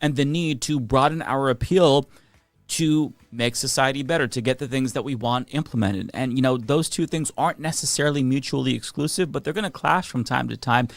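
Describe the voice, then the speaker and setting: A man's voice: medium pitch, brisk, gravelly, no room sound. Earnest man giving blunt political commentary. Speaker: commentator in a played clip.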